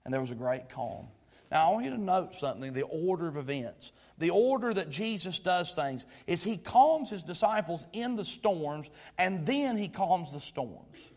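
A male pastor, preaching a sermon that moves from quiet storytelling to loud exhortation. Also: high-pitched, animated, moderate pace.

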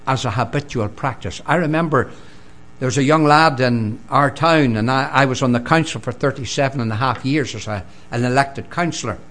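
An older man with a Northern Irish accent preaching a sermon, emphatic and swinging between loud declarations and quiet, low lines. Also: a little fast.

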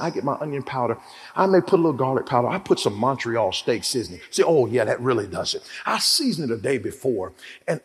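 A man preaching a sermon in a church, animated and humorous, calling on the congregation for amens. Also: mid-range voice. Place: church hall. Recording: echoey hall.

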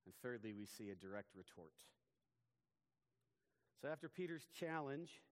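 A man preaching a sermon in an earnest, emphatic way. His mid-pitched voice carries a long reverb through a large hall. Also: expressive, measured pace. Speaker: pastor.

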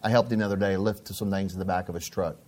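A man's voice: low-pitched, fairly even intonation, fast talker, a little mellow. A middle-aged man preaching a sermon as a pastor, telling stories in a conversational way and often repeating his phrases.

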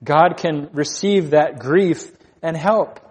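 Earnest preaching man, slightly high. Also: slow, breathy edge, in a large hall. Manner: earnest, repeats phrases for emphasis. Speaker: pastor. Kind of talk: sermon.

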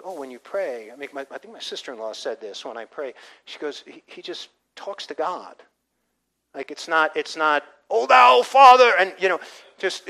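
A man's voice: on the high side, sharp tone, poor audio. An older man, a pastor, preaching a conversational sermon with frequent restarts and asides. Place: church.

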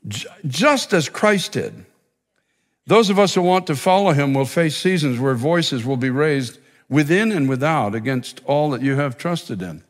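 A man's voice: mid-range voice, big-room sound. A man preaching a sermon as pastor, building to emphatic repeated declarations. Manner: preaching with rising intensity and emphatic repetition.

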